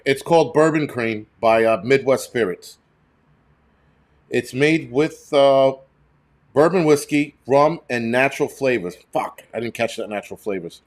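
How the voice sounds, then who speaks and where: A man's voice: medium pitch, moderate pace. A middle-aged man hosting a casual livestream, answering viewers in a blunt, profane, rambling way. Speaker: channel host.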